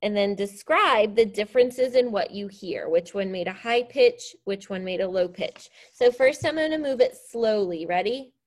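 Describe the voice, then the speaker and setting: A woman's voice: medium pitch, expressive, normal speed, hardly any pauses. A woman teacher leading a science lesson, explaining step by step in an upbeat, encouraging way. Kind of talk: classroom science demonstration.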